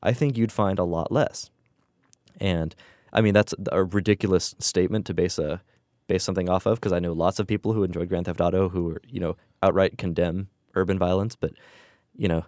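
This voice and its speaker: A man's voice: sits low, steady tone, brisk, darkish tone, no echo, clean studio sound. A young man co-hosting a casual discussion, rambling and musing, often laughing. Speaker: podcast co-host.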